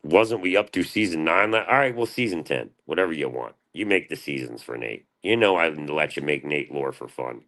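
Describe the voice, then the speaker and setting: A man's voice: a bass voice, expressive, moderate pace, few pauses, fairly bright tone. A man in his thirties chatting casually on a livestream, rambling and swearing freely as he talks. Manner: crude, profane and rambling.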